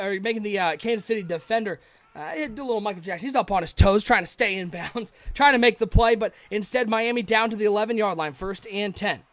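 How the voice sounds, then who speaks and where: Between plays, this video game football streamer chats with his viewers, and when something big happens, his live play-by-play turns excitable. He's a fast talker with a high-pitched voice, and there's no room sound.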